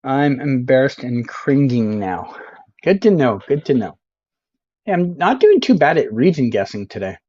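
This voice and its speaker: A man streaming a geography game, joking and mocking himself as he sounds out signs in slow, mangled Spanish. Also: medium pitch, big pitch swings, darkish tone, lo-fi sound. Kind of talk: casual live-stream commentary.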